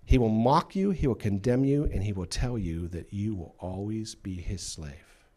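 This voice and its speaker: A man's voice: lowish voice, expressive, normal speed, dark tone. A male pastor delivering a sermon with emphatic delivery, acting out the voices he quotes. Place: church.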